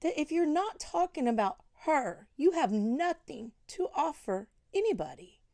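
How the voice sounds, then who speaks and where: Scolding woman with a gravelly, mellow voice. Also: high-pitched, very animated, unhurried, no echo, clean studio sound. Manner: scolding, indignant, rhetorical questions. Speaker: commentary vlogger. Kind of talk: critical commentary addressed to another creator.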